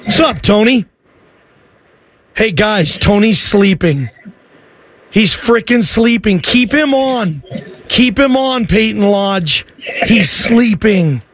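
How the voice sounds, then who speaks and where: A man hosting a sports talk radio show, talking loosely and excitably and joking with callers. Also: high-pitched, takes it slowly, pauses often.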